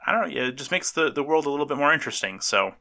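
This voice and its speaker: A man's voice: fairly high pitch, expressive, very fast, vocal fry, bright, forceful tone. A man co-hosting a horror podcast, chatting casually with jokes and stammered restarts. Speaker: podcast co-host.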